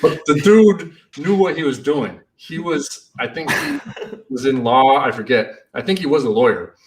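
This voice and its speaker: A man who runs a party rental business, telling stories in a casual, animated way and acting out the shouting in them. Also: mid-range voice, moderate pace, recorded from a distance, a little hiss or hum. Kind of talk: casual storytelling.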